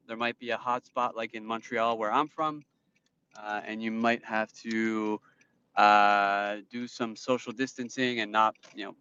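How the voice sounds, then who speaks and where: A man's voice: medium pitch, a bit bright, slight background noise. A man with a New Jersey accent chatting casually on a live stream while he drives, rambling as he answers viewer comments. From New Jersey, USA. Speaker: livestream host. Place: inside a car while driving. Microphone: phone in a dashboard stand. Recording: dull lo-fi phone audio in a dry car.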